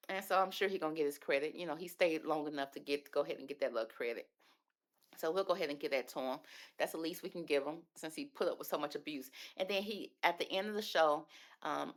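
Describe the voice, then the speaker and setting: A woman hosting a casual reality TV recap, chatty and gossipy, calling listeners "baby" and acting out the people she discusses. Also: low-pitched. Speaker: reality TV commentary host.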